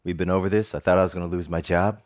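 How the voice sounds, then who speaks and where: A man's voice: low voice, steady tone, rapid-fire, darkish tone. A middle-aged man giving a personal storytelling speech, humorous and self-mocking. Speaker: TV reporter giving a talk.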